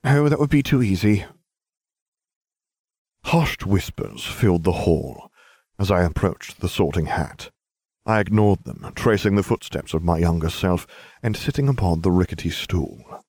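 A man's voice: sits low, moderate pace, a little mellow, dry recording. A man reading first-person fiction aloud with dry, wry narration. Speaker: audiobook reader.

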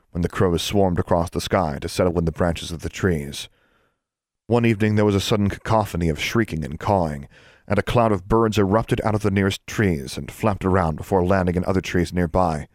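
A man reading fiction aloud as an audiobook narrator, steady and measured. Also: deep voice, dry recording, clean studio sound. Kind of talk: scripted narration.

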